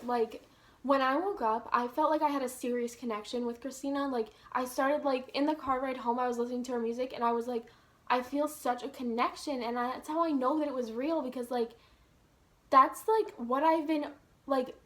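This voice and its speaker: A woman's voice: high-pitched, a bit bright. A young woman vlogger telling a personal story to her viewers in an earnest, casual way, full of "like" fillers. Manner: earnest, heavy use of "like".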